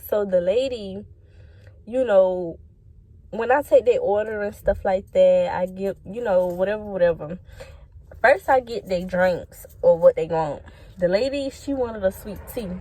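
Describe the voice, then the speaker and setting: A young woman telling a casual, profane story about quitting a job, talking straight to her viewers. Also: medium pitch. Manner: blunt, profane, animated, talks straight to viewers. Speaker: storytime vlogger.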